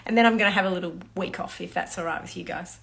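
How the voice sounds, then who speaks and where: A woman's voice: on the low side, quick pace, vocal fry, fairly bright tone. An Australian woman, a fertility doctor, chatting through a casual live Q&A and greeting viewers by name. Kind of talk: casual livestream Q&A.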